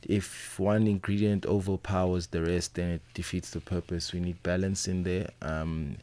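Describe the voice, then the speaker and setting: Deep-voiced South African man, businesslike. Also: flat delivery, normal speed, a little mellow. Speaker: restaurant owner guest. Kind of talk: radio interview.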